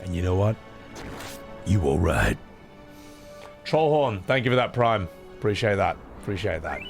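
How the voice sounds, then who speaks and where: A young man streaming a game, talking casually in a rambling, profane, animated way. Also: low voice, moderate pace, creaky, faint music behind. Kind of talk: casual gameplay reaction stream.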